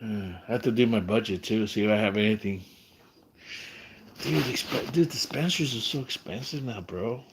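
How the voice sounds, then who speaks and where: A man's voice: on the low side, normal speed, noisy background. A man from California livestreaming casual chat, rambling and swearing, often trailing off and restarting. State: low blood sugar, shaky.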